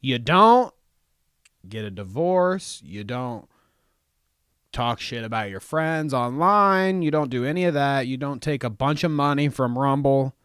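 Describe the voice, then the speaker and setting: A man's voice: medium pitch, unhurried, a bit bright, clean tone, no room sound, studio quality. A man with a Southern US accent hosting a morning show, swearing and joking as he reacts to a clip. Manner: joking, rambling, laughs often and swears freely. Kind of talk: profane reaction commentary on a clip.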